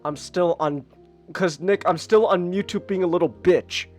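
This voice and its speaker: A man hosting a casual podcast, ranting in an animated, exasperated way with mocking asides. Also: sits high, moderate pace, faint music behind. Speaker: podcast host. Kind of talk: casual chat. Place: home streaming setup.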